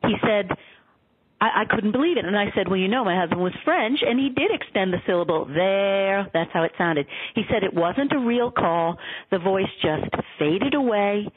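A woman author telling stories in an earnest, animated way in a radio interview. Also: mid-range voice, moderate pace, slightly rough. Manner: earnest, animated storytelling with quoted dialogue. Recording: tinny phone line.

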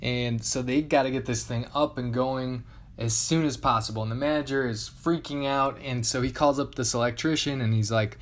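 Male podcast host, mid-pitched, conversational storyteller who repeats key words for emphasis. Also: steady tone, normal speed.

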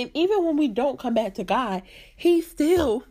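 A woman's voice: high voice, sing-song, moderate pace, dark tone. A woman hosting a faith podcast, talking through a personal story in an earnest, conversational way and laughing at herself now and then. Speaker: podcast host. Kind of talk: faith-based personal reflection.

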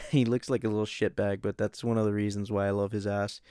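A man's voice: on the low side, little pitch movement, brisk, dark tone, clean tone, no echo, clean studio sound. A man hosting a casual pop-culture chat, rambling and swearing freely. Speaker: host.

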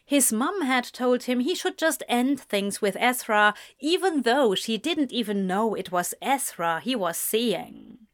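A woman narrating a romance story in a measured audiobook reading. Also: on the high side, animated.

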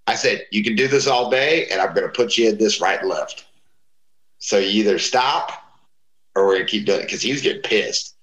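A man's voice: lowish voice, a bit bright, echoey room, poor audio. A man casually telling profane wrestling stories, acting out the voices of people he quotes. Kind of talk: casual storytelling chat.

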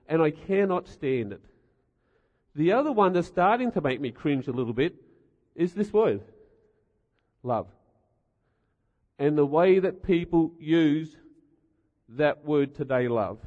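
A man's voice: fairly high pitch, expressive, slow pace, pauses often, darkish tone. A middle-aged man giving a humorous sermon, telling stories with wry rhetorical asides. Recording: dull sound in a reverberant hall.

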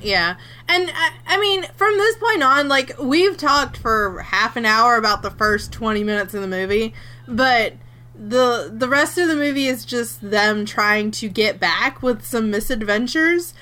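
A woman's voice: fairly high pitch, animated, measured pace, sharp tone. A woman co-hosting a casual chat, retelling a film and acting out its characters' lines with laughs. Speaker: podcast co-host.

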